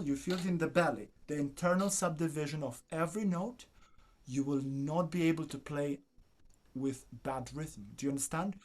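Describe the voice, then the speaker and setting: Man coaching a violin masterclass. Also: on the high side. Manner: coaxing, sings phrases, asks "do you understand?". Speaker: violin teacher.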